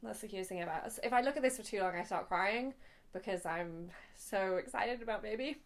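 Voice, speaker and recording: A woman's voice: medium pitch, fairly quick. A young woman talks through a shopping haul in a casual, gushing, chatty vlog. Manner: gushing, chatty, easily emotional. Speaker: vlogger.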